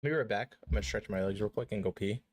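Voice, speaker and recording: A man's voice: on the low side, rapid-fire. Give me a young guy live-streaming a game, loose and jokey. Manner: joking, rambling, swears casually. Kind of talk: casual live-stream chat.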